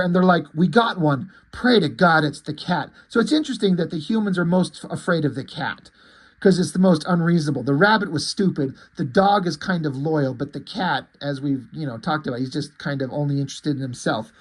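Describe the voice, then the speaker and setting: A man's voice: a little high, a little fast, low-quality recording. Rambling man recapping a comic. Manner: rambling, loose, swears casually, many "like"s. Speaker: comic book reviewer. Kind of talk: casual recap of a comic issue.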